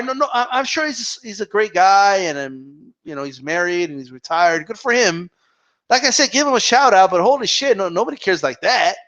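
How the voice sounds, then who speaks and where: A man's voice: high voice, fairly bright tone, muffled recording. A man hosting a live boxing talk stream, ranting with profanity and mocking mimicry. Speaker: boxing channel host. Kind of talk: live Q&A rant.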